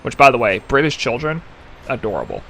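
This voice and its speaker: A man's voice: mid-range voice, sing-song, brisk, sharp tone, slight background noise. A young man chatting casually with his live-stream chat, rambling and joking as he reads messages aloud.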